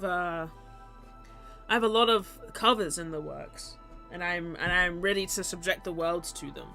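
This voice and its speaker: A woman chatting casually on a stream, rambling and laughing at herself. Her voice is bright and her pitch swings a lot. Soft music plays faintly behind her. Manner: rambling and self-mocking, often laughing.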